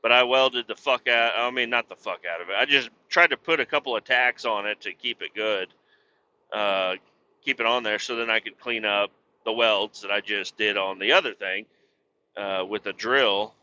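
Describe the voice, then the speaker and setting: A man's voice: on the low side, normal speed, bright, forceful tone, highs cut off, a little hiss or hum. A middle-aged man hosting a podcast, rambling casually, swearing a lot and laughing at himself. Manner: profane, self-deprecating, laughs often. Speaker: podcast host.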